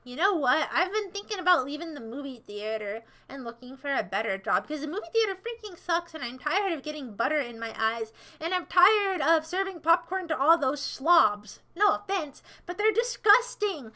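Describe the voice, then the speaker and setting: A woman's voice: high voice, sing-song, moderate pace, hardly any pauses, bright, forceful tone. A young American woman livestreaming, casually rambling and teasing her chat with sarcastic remarks.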